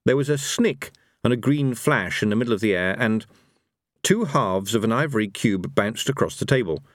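A man reads an audiobook with a lively, expressive delivery, his pitch moving freely. The recording is dry and close. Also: moderate pace, no room sound. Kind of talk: audiobook narration.

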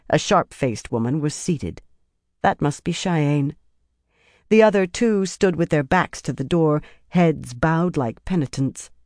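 Steady audiobook narrator, dry sound. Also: mid-range voice, no room sound. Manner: measured storytelling. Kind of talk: scripted narration.

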